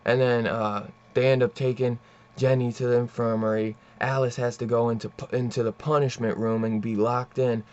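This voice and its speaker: A man's voice: mid-range voice, flat delivery, normal speed, a little mellow, dull audio. Casual man rambling through a plot recap. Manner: rambling, profane plot retelling with many fillers. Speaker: comic book reviewer. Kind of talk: casual comic book review.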